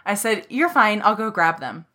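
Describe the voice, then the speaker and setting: A woman's voice: medium pitch, sing-song, moderate pace, bright, forceful tone. A young woman co-hosting a podcast, telling a story in casual chat, laughing often and swearing freely. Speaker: podcast co-host.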